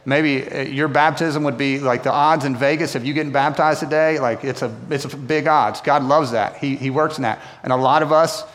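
A man's voice: mid-range voice, fairly even intonation, moderate pace, few pauses, fairly bright tone. Man preaching in an echoing hall. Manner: conversational, asks the room "right?" often. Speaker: pastor. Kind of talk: sermon. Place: church auditorium.

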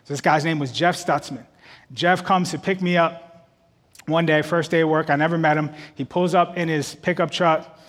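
A man preaching a sermon, telling a story and rising to loud shouted peaks before a laughing congregation. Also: on the high side, fairly even intonation, normal speed, big-room sound.

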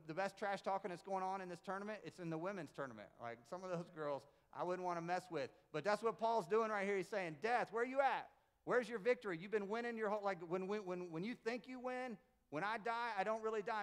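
Middle-aged male preacher with a high voice; chatty sermon, animated storytelling, punchy jokes. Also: clear, resonant tone. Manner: animated storyteller, emphatic, jokey asides. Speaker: pastor and basketball coach. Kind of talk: conversational Easter sermon. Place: church sanctuary with congregation.

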